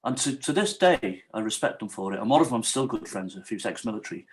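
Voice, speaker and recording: A man's voice: fairly low pitch, fast, low-quality recording. Man telling a story animatedly. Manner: animated storyteller, acts out quoted dialogue. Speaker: podcast guest. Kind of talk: storytelling in casual interview.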